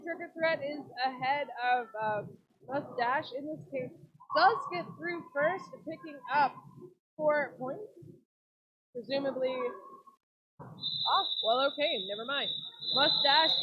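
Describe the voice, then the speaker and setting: A woman giving steady, explanatory play-by-play commentary on a roller derby game. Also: high voice, muffled recording, a little hiss or hum.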